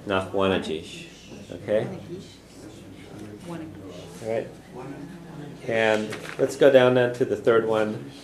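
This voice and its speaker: Speaking slowly and leaving long pauses, this man has a lowish voice as he leads a classroom language lesson. He patiently explains, gives phrases for students to echo back, and often asks "okay?". Class chatter fills an echoey room.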